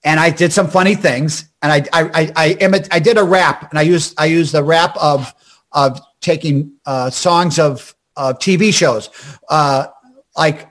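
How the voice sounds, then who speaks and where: An older man from Scranton, a comedian and actor, telling rapid, animated show-business stories with restarts and quoted voices. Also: fairly high pitch. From Scranton, Pennsylvania. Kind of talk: storytelling interview chat.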